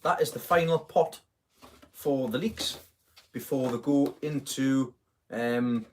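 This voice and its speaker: A middle-aged man talks through a relaxed live stream at a medium pitch. He rambles along easily, often stops to correct himself, and leans on plenty of ums and uhs. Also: slow pace, a little hiss or hum. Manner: rambling, chatty, full of self-corrections and fillers. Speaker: host of a live gardening stream. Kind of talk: casual live-stream chat.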